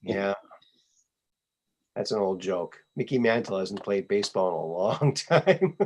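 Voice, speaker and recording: A man hosting a casual chat show, relaxed, greeting viewers and trading corny old one-liners. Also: on the low side, a little slow. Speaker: host.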